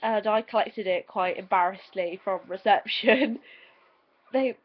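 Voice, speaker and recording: A woman's voice: medium pitch, a little slow. A teenage woman with an English accent telling a story in a casual vlog, chatty and giggly with dramatic retelling. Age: teens. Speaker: vlogger. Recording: dull lo-fi home video audio.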